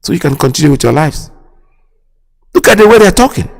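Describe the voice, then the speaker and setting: A man's voice: on the high side, big pitch swings, brisk, creaky. A Nigerian man hosting a radio show, giving impassioned political commentary, indignant and repeating himself as he fires off rhetorical questions. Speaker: radio host. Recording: long hall reverb.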